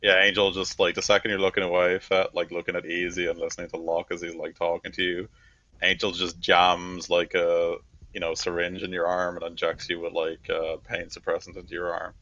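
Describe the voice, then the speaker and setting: A man narrating as game master of a tabletop role-playing game, relaxed and rambling with many fillers. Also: sits low, brisk, muffled recording.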